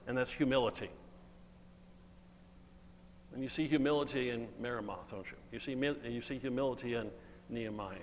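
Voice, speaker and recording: A man's voice: mid-range voice, a bit bright. A man preaching an earnest, emphatic sermon and reading scripture aloud. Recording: long hall reverb, faint hum.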